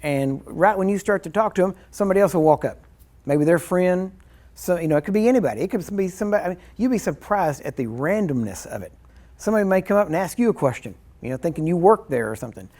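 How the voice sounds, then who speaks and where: A man's voice: high-pitched, lively intonation, quick pace, a little mellow. A man teaching a ministry class in a loose, rambling, conversational way, acting out little scenes and chuckling as he goes. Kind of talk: informal teaching sermon.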